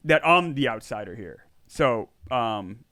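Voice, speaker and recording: Man in his forties, movie podcast co-host, earnest, mid-pitched voice, dry close sound. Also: expressive, a little slow, fairly bright tone, no echo. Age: 40s. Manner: earnest, self-deprecating. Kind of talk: casual movie chat.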